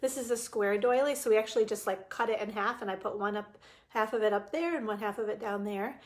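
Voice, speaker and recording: A woman's voice: mid-range voice, fairly quick. A middle-aged woman hosting a live card-stamping demo, chatty and casual, greeting viewers by name with plenty of ums.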